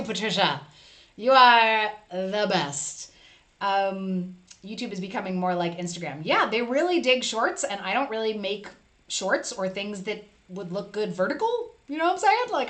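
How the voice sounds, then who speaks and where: A woman's voice: medium pitch, a bit bright. A woman hosting a casual live stream, chatting with viewers and reading their comments aloud.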